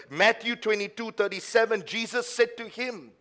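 A man preaching a sermon as pastor at a church service, swinging from hushed low asides to loud, emphatic passages and mocking the excuses of doubters. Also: moderate pace, hardly any pauses. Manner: acts out the lines of doubters in a mocking tone.

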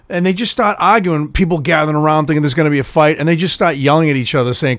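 A man's voice: fairly high pitch, quick pace, hardly any pauses, dry recording, clean studio sound. A man co-hosting a podcast in casual chat, joking and swearing freely. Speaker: podcast co-host.

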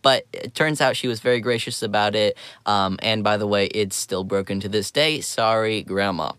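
A man's voice: fairly low pitch, fairly even intonation, normal speed, a bit bright, smooth, no echo, studio quality. Sarcastic young man hosting a commentary podcast. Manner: joking, sarcastic, chatty. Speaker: podcast host. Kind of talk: casual commentary monologue.

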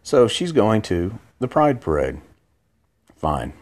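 A man's voice: low voice, a little fast, a little mellow. A man, hosting his own podcast, rambling through a drowsy late-night monologue from bed, full of restarts and asides. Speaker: podcast host. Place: in bed at home.

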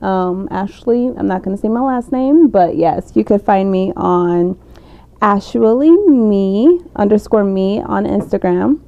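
A woman's voice: mid-range voice, expressive, a little slow, creaky. A woman chatting casually as a podcast guest, talkative and full of fillers and laughs. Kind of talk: casual chat. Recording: dull lo-fi recording.

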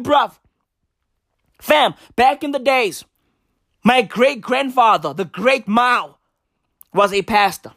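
A man doing stand-up storytelling, loud and profane, full of slang and repeated punchlines, often shouting. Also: extremely high pitch, no room sound, studio quality. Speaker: stand-up comedian.

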